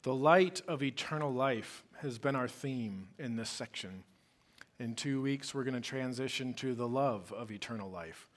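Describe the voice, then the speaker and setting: A man preaching a sermon as pastor, conversational and emphatic, with rhetorical questions. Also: mid-range voice.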